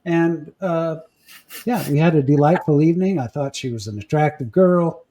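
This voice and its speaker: A man podcast host in casual chat, telling stories with halting restarts and fillers. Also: fairly high pitch, dark tone, a little hiss or hum. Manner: storytelling, halting with repeats and fillers.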